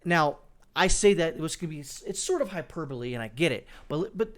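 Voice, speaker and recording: A man's voice: on the high side, animated, brisk. Sarcastic man hosting political commentary. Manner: sarcastic, scornful, thinks aloud with fillers. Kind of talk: political commentary reacting to clips and news.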